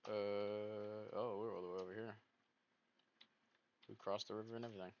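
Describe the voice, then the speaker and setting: A man's voice: on the low side, level tone, moderate pace. A man thinking aloud as he hosts casual gameplay commentary, rambling and poking fun at himself. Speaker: gaming video host. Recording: dull lo-fi mic with faint noise.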